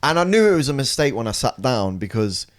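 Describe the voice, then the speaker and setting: A man's voice: mid-range voice, brisk. Swearing young man telling a story. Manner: swears a lot, animated self-mocking storyteller. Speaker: podcast co-host. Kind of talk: casual chat, storytelling.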